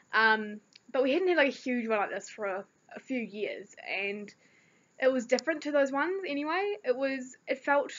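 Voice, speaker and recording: A teenage vlogger with a New Zealand accent chats casually to her camera, rambling through a story full of fillers. Her voice is slightly high with a fairly bright tone, though the recording itself sounds dull and lo-fi.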